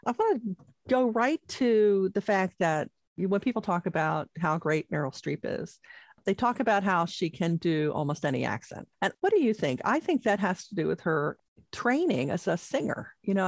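A woman co-hosting a casual talk show in a conversational, measured way. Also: mid-range voice, big pitch swings, dry recording. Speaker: co-host. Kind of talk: casual chat.

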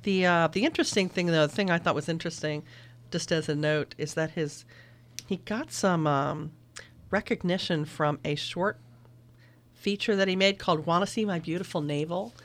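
A woman's voice: lowish voice, normal speed. A middle-aged woman who teaches film, talking it over casually and thoughtfully and laughing easily. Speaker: film instructor and guest.

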